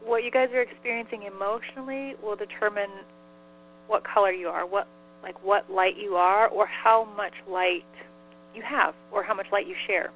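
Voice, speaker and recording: A woman's voice: medium pitch, moderate pace. Giggly chatty woman on a phone line. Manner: giggly, chatty, many "like" fillers. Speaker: medium relaying a spirit's messages. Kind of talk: casual call-in radio talk. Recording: phone line with faint mains hum.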